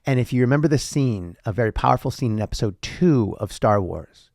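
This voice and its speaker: A man's voice: medium pitch, lively intonation, a little fast, creaky, a little mellow, no echo, clean studio sound. A man hosting a casual philosophical monologue in a playful, theatrical way, with the odd swear word. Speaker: podcast host.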